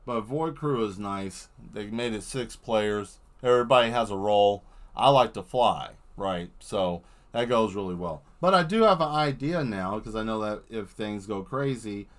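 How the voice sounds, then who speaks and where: A man with a lowish voice talks casually while he paints on a live stream. He rambles from one thought to the next in a playful way and grows excitable when he spins a silly story. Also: normal speed, hardly any pauses.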